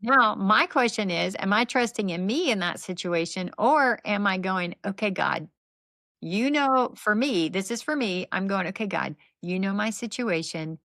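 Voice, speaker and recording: A middle-aged woman guest telling lively, faith-based stories and acting out what people said in casual conversation. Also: medium pitch, moderate pace, no room sound. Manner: animated, faith-based storytelling with acted-out quotes. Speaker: podcast guest, nonprofit founder. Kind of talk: conversational storytelling.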